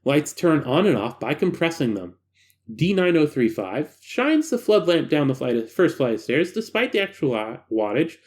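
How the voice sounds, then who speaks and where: Animated man reading a horror file. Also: on the high side, moderate pace. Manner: animated, joking asides. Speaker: narrator and host.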